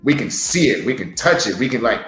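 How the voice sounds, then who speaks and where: A man's voice: mid-range voice, very animated, fairly quick, a bit bright. A man who co-hosts a podcast and wrestles, giving casual motivational advice in an earnest tone, repeating words for emphasis. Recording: roomy echo, faint music.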